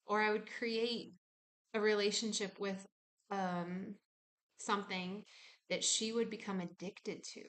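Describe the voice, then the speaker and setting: A woman's voice: mid-range voice, moderate pace, fairly bright tone. Woman, personal vlog from her home kitchen, candid and musing, acts out her inner dialogue. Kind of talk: reflective personal vlog talk.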